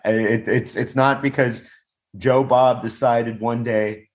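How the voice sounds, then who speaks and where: This is a man speaking over a video call microphone at a mid pitch. He talks in a blunt, rambling way and swears casually. He laughs often as he goes. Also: steady tone, slow. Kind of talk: casual podcast chat. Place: home or office, on a video call.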